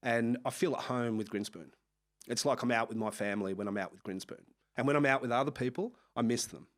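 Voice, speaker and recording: A man with an Australian accent, a music manager telling lively anecdotes in a casual interview. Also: medium pitch, fast. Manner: animated anecdotes with frequent laughs and acted-out quotes. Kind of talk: casual storytelling chat.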